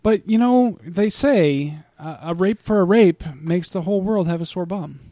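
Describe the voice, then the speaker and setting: A podcast co-host chatting casually, teasing and laughing. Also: male voice, high voice, moderate pace, warm tone, no echo, clean studio sound. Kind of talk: casual chat.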